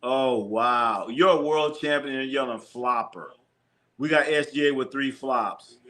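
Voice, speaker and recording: A man's voice: mid-range voice, unhurried, pushed and bright. A man hosting a live basketball watch party, calling plays casually, reading chat questions and joking with viewers, often repeating himself. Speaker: sports watch-party streamer.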